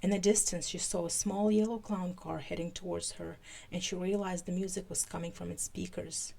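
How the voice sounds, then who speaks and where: A woman hosting a podcast, giving a live fan fiction reading with an animated delivery that turns halting in her asides. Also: on the low side, gravelly.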